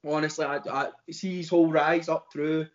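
Glaswegian man, podcast co-host, rambly banter, slightly raised pitch, muffled lo-fi recording. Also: little pitch movement, normal speed. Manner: rambling, bantering, self-interrupting. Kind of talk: casual chat. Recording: dull lo-fi recording.

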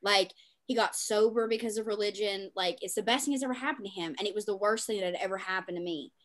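A woman's voice: mid-range voice, quick pace. A young woman on a podcast, tearful and fighting back tears, swearing freely in emotional casual chat.

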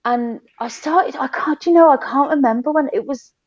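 A woman's voice: high voice, normal speed, muffled recording. A woman in her thirties, chatting openly as a podcast guest and telling stories with laughter. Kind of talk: casual chat.

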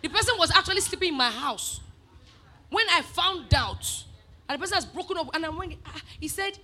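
High, bright-voiced woman preaching. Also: quick pace, slight background noise. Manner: animated, swinging from soft asides to shouted emphasis. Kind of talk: sermon.

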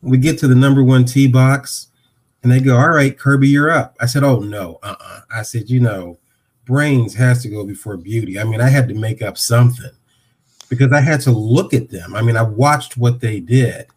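A man in his sixties from Ohio, a podcast guest telling a story and acting out the dialogue with lively voices. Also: medium pitch, moderate pace, slightly rough. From Dayton, Ohio.

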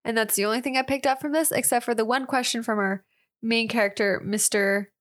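Young woman co-host, slightly high voice, relaxed and candid plot recapper. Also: a little fast. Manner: easygoing, candid about her confusion, recaps the plot. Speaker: podcast co-host. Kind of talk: casual film discussion.

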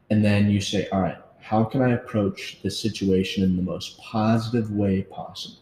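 A man's voice: on the low side, flat delivery, normal speed, few pauses, darkish tone. A man hosting a casual podcast conversation, talking earnestly and motivationally, swearing casually. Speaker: podcast host. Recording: echoey room with faint noise.

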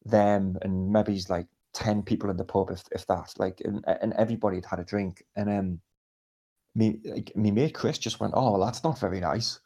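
A man's voice: on the low side, fairly even intonation, normal speed, dark tone. A young man casually telling a rowdy anecdote, swearing a lot and acting out quotes. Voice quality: gravelly, husky. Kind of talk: casual storytelling chat.

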